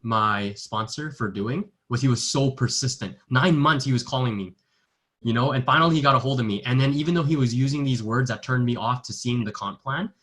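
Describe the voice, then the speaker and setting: A man's voice: mid-range voice, a little fast, fairly bright tone. A young man giving an earnest personal testimony in a sales training talk, acting out the dialogue he quotes. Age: young adult. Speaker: network marketing distributor.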